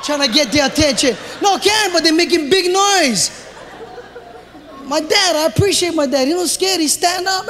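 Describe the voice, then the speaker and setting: Brief: man, Hawaii Pidgin-inflected stand-up comic, high voice, shouts punchlines, live theater hall with crowd. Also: moderate pace, slight background noise. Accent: Hawaii Pidgin-inflected English. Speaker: stand-up comedian. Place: large theater.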